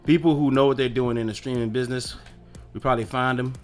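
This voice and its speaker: A man's voice: mid-range voice, steady tone, fast talker, faint music behind. A man hosting his own live stream in loose, rambling casual chat, swearing offhandedly and talking to himself as he clicks around.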